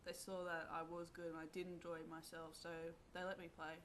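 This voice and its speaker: A young woman telling a personal story to camera in a rambling, halting way, full of fillers. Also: fairly low pitch, level tone, fairly bright tone, a little hiss or hum. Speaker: vlogger.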